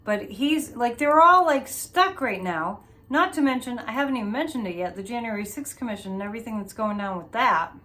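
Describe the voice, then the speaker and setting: A woman's voice: fairly high pitch, animated, a little fast, few pauses, bright, forceful tone. A woman hosting a psychic show, chatting loosely through a tarot reading with many restarts and asides. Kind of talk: casual tarot reading commentary.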